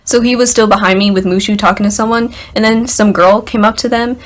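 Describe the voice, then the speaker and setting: Young woman vlogging, excited and chatty, says like and literally a lot, medium voice. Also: mid-range voice, quick pace, hardly any pauses. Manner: excited, filler-heavy, lots of "like" and "literally". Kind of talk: casual storytelling to camera.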